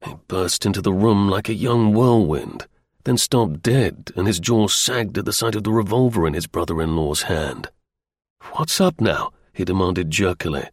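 Man, audiobook narration, husky, lowish voice, measured delivery, dry sound. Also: no echo. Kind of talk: scripted narration.

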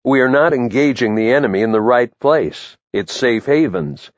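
A man reading his own memoir aloud in the first person, with a measured, matter-of-fact delivery. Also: medium pitch, no room sound, muffled recording. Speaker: memoir narrator.

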